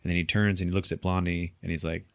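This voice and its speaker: A man hosting a podcast, recapping a film in casual chat with animated storytelling, frequent laughter and swearing. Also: sits low, fast talker, creaky, clear, resonant tone, no echo, clean studio sound. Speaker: podcast host.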